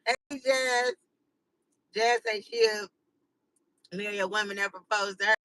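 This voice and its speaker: A woman's voice: a little high, big pitch swings, unhurried, creaky, fairly bright tone, dry recording, rough recording. A woman hosting her channel, chatting casually with live viewers in a slangy, rambling way full of "like" and "you know.". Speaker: channel host.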